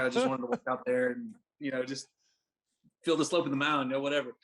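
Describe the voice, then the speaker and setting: A man's voice: medium pitch, lively intonation, brisk, fairly bright tone. A young man in his twenties, a podcast guest, telling a rambling anecdote full of fillers and acted-out dialogue. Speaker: podcast guest, baseball pitcher. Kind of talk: casual storytelling.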